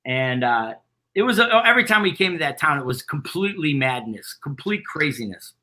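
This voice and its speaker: A middle-aged man, a band founder, excitedly rambling through road anecdotes as a guest in a casual interview. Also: a little high, a little fast. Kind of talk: casual storytelling.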